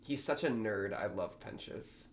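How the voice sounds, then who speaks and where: Young guy reacting to a show, super animated voice going up and down, slangy and hyped. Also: lowish voice, unhurried, a little hiss or hum. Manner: excitable, slangy, thinks aloud. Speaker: reaction video host. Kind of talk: casual reaction commentary.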